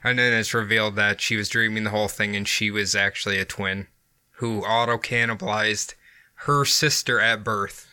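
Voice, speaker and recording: A man co-hosting a podcast, retelling movie scenes in a giggly, animated way. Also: lowish voice, normal speed, clean tone. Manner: giggly, animated storytelling with acted quotes. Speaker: podcast co-host. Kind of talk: casual chat.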